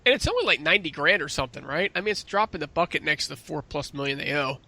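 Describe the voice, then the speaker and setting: A man's voice: fairly high pitch, very animated, very fast, gravelly, bright, forceful tone. A man co-hosting a casual podcast, sarcastic and often laughing. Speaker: podcast co-host. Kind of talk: casual wrestling talk.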